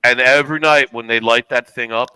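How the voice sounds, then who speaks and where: A man's voice: medium pitch, fairly even intonation, a little fast, sharp tone, smooth, no echo, rough recording. A man chatting casually on a podcast and telling rambling anecdotes with asides. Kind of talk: casual chat.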